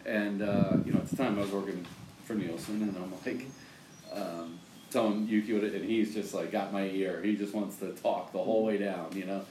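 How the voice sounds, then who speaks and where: A low-voiced man chats about sports and tells animated stories. He sits back from the mic in a roomy space, with a faint hiss underneath. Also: normal speed, recorded from a distance. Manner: animated storyteller, acts out both sides of conversations. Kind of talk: casual chat.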